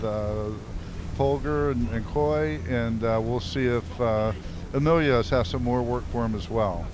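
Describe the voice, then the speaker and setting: A man's voice: mid-range voice, background noise. A man co-commentating on a sailing race, thinking aloud with hesitant restarts.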